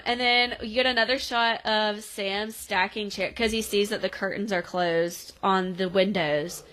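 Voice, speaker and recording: A woman co-hosting a podcast, casually recapping a TV episode and acting out the characters' lines in quick voices. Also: mid-range voice, a bit bright, rough recording. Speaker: podcast co-host.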